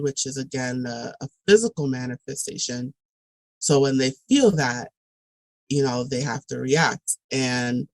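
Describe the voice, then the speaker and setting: A woman's voice: a bass voice, dry recording, rough recording. A woman talking on a podcast as a guest, reflective and thoughtful, with many ums and restarts. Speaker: podcast guest, tutoring director. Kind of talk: casual podcast talk.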